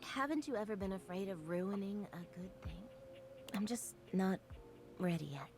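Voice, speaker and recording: Woman playing a lonely bed character, soft, hesitant, wistful, game music behind. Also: medium pitch, animated, normal speed, close to an everyday voice.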